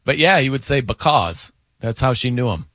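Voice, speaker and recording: A man's voice: medium pitch, quick pace, bright, forceful tone, no echo, studio quality. A man hosting a radio show, chatting casually with a co-host, laughing and mimicking how people pronounce words. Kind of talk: casual on-air banter.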